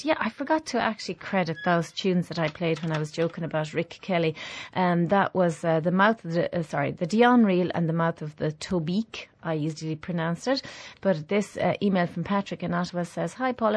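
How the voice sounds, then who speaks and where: A man's voice: sits high, a little mellow, no echo. A man presenting a radio show, chatty and hesitant as he reads out a listener's email.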